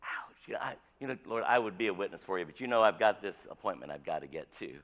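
A man's voice: low voice, expressive, fast, muffled recording. A male pastor preaching a sermon in a conversational, jokey way, with many restarts.

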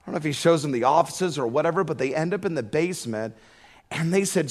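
Speaking fast with lively intonation, a middle-aged or older man delivers a sermon in a fairly high voice. He tells a homespun story, then rises to passionate emphasis on prayer.

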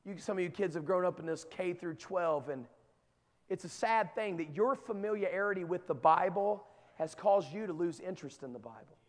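A middle-aged man preaching a sermon to young people, moving from quiet storytelling to shouted exhortation. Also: high-pitched, lively intonation, normal speed. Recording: long hall reverb.

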